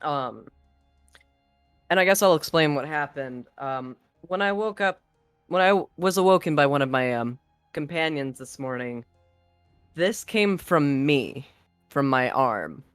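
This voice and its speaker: A man speaking in character during a tabletop game, hesitant and full of ums. His voice sits a little high for a man and sounds close and dry, with soft music behind. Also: animated, measured pace, clean tone, no room sound. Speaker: player. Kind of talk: tabletop role-play, in character.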